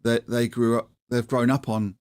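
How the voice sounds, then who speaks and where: A man's voice: medium pitch, flat delivery, normal speed, darkish tone, no echo. A middle-aged man hosting a livestream, chatting casually in a rambling, self-deprecating way with many restarts. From England. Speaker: livestream host.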